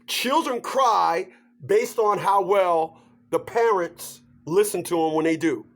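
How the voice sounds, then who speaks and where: High-voiced man on a slow comic rant. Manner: animated, joking, laughs through his points. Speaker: vlogger. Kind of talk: comedic rant to camera.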